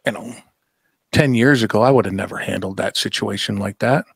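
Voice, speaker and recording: A man's voice: on the low side, fairly quick, vocal fry, husky, no room sound. Dry-miked man telling stories, swearing freely. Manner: animated, profane, repeats himself. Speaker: podcast guest. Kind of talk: casual storytelling chat.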